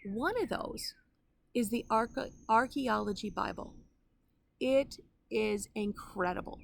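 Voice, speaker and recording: A woman's voice: fairly high pitch, lively intonation, slow, creaky, a little hiss or hum. A woman, a grandmother in her fifties or older, teaching the Bible online in an earnest, conversational way with personal asides.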